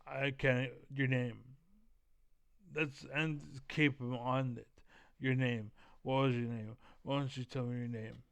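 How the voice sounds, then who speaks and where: A man's voice: mid-range voice, level tone, measured pace, gravelly, smooth. A man giving heated, profane commentary while reacting to a video, keyed up and leaning on fillers like "basically.". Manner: profane, blunt, many fillers like 'basically'. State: keyed up, energetic.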